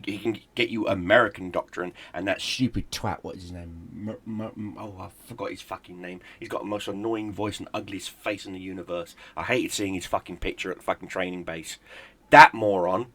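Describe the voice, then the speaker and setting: A man's voice: low-pitched, normal speed, fairly bright tone, no room sound. A middle-aged man, a gaming YouTuber, in a heated, profane, sarcastic rant. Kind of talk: angry ranting commentary.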